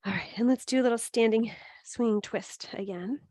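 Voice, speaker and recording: A woman teaching a gentle yoga class, giving steady cues with chatty asides and laughing at her own slips. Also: a little high, a little fast, no room sound. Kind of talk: guided yoga class instruction.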